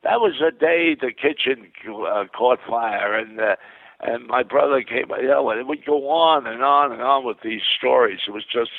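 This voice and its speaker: An older man spins long anecdotes as an interview guest, his gravelly voice tumbling through restarts and repeated words. The sound is dry and thin, like a phone line. He talks at a middling pitch, carried along by excitement. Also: moderate pace, dry recording. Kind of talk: rambling anecdotal storytelling.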